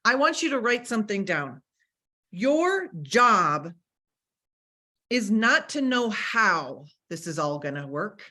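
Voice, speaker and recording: A woman's voice: medium pitch, big pitch swings, takes it slowly, pushed and bright. A middle-aged woman giving a motivational talk on a video call, speaking emphatically and repeating her key phrases.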